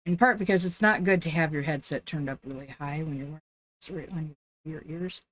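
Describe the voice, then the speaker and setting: A woman's voice: deep voice, a little fast. A woman streaming live, chatting casually with viewers and cooing baby talk at her dog. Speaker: game streamer.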